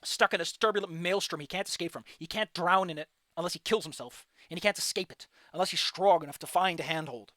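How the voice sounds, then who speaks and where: A man streaming a game, giving casual, animated commentary and ranting with frequent swearing. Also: high voice, quick pace, hardly any pauses, dry recording, studio quality. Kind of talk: casual let's-play commentary.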